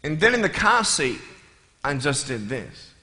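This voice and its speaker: A man's voice: medium pitch, very animated, unhurried, very noisy. A man with an Australian accent giving a humorous motivational speech on stage, a playful storyteller who acts out his scenes. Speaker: motivational speaker. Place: large hall, on stage before an audience. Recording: echoey hall with long reverb.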